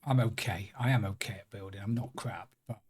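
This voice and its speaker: A man's voice: fairly low pitch, steady tone, fairly quick, noisy background. A man chatting casually and joking at his own expense while he streams a video game. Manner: chatty, self-deprecating banter. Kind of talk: casual live-stream commentary while gaming.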